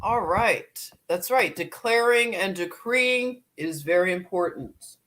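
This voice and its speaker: A woman's voice: medium pitch, slow, a bit bright. A woman hosting a casual livestream, greeting viewers by name and laughing often as she chats. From Philadelphia. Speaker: livestream host.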